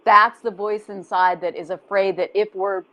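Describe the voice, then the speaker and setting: Encouraging woman coach, mid-pitched. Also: flat delivery, normal speed, rough recording. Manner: warm, encouraging, explains in gentle repetitions. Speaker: body image coach. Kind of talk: conversational coaching talk. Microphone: video call.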